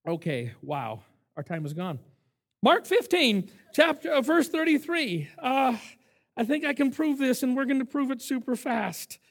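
An older man, a camp director, giving a sermon full of stories, emphatic and animated as he acts out what people said. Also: very high-pitched, a little slow, creaky. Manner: animated, emphatic storyteller who acts out quotes. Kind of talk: sermon with storytelling.

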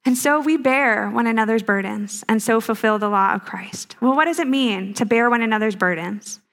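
Woman teaching a room of people, kinda high voice, chatty and playful, lots of questions to the crowd. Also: normal speed. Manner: warm, playful, full of rhetorical questions. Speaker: speaker at a ministry teaching. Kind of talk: conversational teaching talk.

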